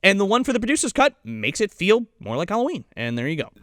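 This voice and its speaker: A man's voice: high-pitched, wildly swooping pitch, quick pace, a bit bright, no room sound, clean studio sound. A man co-hosting a casual movie review podcast, talking with profanity and mocking impressions. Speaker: podcast co-host.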